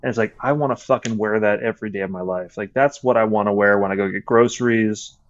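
A man's voice: fairly low pitch, fairly even intonation, fast talker. Man, podcast guest, casual rambling chat, swears often, muffled lo-fi sound. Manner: rambling, swears a lot, many restarts.

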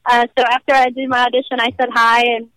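A woman's voice: a little high, little pitch movement, fast talker, fairly bright tone, no echo, low-quality recording. A bubbly young woman from Nashville, a guest actress chatting in an interview, giggling often and saying "like" a lot. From Nashville, American South. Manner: bubbly, giggly, heavy use of "like". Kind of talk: casual interview chat.

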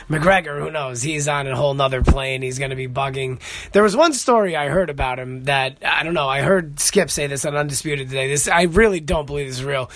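Excitable, profane podcast host, man. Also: on the high side, no room sound. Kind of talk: casual monologue.

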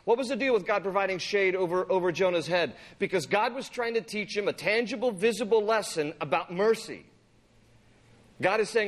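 Male pastor, high and bright voice, lively, jokey sermon delivery. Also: fairly quick. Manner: animated, playful, acts out scripture.

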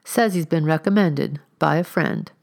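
A woman reading the part of a meek, dingy young housemaid who answers in short, plain-spoken replies, pitched higher than her narration. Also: unhurried, creaky, a little mellow.

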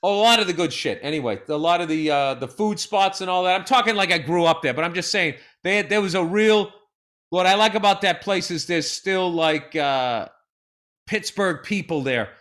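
Wisecracking, profane co-host, bright and high. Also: male voice, moderate pace. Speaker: podcast co-host. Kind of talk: casual chat.

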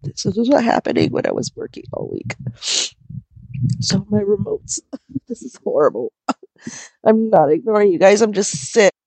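A young woman hosting her podcast while sick, hoarse and coughing, rambling casually, swearing and laughing at herself. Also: medium pitch, very animated, measured pace, long pauses, warm tone, no room sound, low-quality recording. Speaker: podcast host. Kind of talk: casual chat.

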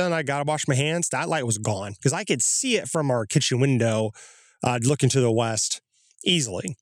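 A man tells a first-hand story in a casual, animated way, his voice jumping higher whenever he acts out what he said at the time. He sits at an average pitch for a man, and the sound is dry and close, recorded outdoors. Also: no echo. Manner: animated, acts out his own quoted reactions with rising pitch. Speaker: guest telling his own UFO sightings. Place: outdoors in the woods.

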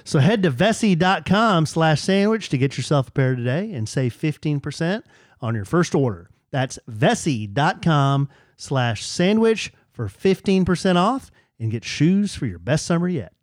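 A man's voice: on the high side, sing-song, moderate pace, no echo, clean studio sound. A man co-hosting a podcast, playful and mock-aggrieved as he jokes in casual chat. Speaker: podcast co-host. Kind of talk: casual chat and comedic rant.

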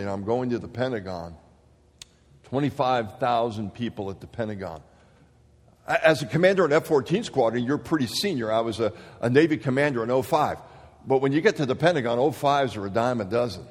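Man preaching in a reverberant hall. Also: mid-range voice. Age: 50s. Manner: animated storyteller acting out quotes. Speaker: speaker. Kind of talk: sermon storytelling.

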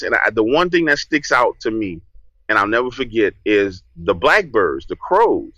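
A man, a podcast guest telling a story in a casual, lively way and acting out what he said back then. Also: on the low side, normal speed, no room sound, low-quality recording. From New Orleans, USA. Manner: lively, acts out his own past lines.

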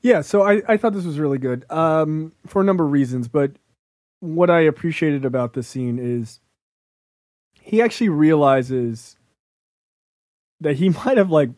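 Man, film podcast co-host, slightly high voice, dry close sound, casual and profane. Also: expressive, normal speed, long pauses, darkish tone, dry recording. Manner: loose and profane, laughs often, quotes characters.

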